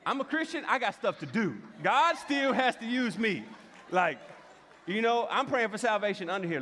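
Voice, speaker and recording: A man preaching a humorous sermon to a church audience, telling funny stories in a joking, animated way. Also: sits high, normal speed. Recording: hall reverb.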